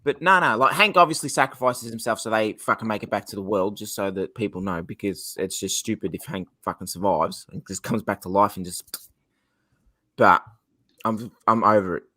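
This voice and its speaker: A young Australian man with an Australian accent, chatting casually on a podcast, rambling, excitable and swearing a lot. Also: on the low side, normal speed. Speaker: podcast co-host. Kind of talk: casual chat.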